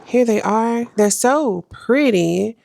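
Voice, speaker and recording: A woman's voice: a little high, animated, slow, vocal fry, a little mellow. A young adult woman vlogging at home, talking to the camera in a casual, emphatic way and repeating phrases for effect. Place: at home in her room.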